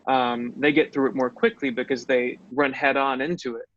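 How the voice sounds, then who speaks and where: A man's voice: mid-range voice, steady tone, moderate pace, fairly bright tone, a little hiss or hum. A man who is an actor, telling stories in a reflective way as a guest in a casual interview. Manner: reflective storytelling. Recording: dull, dry audio.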